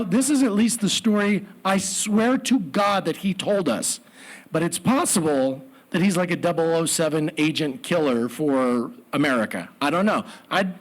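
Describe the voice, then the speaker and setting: A man telling a personal story at a live story slam, animated with comic asides. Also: a little high.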